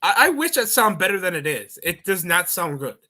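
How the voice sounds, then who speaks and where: A man cracks profane jokes in a casual stream chat, often breaking into laughs. His voice sits a little high, bright, and lively in its swings. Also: fairly quick.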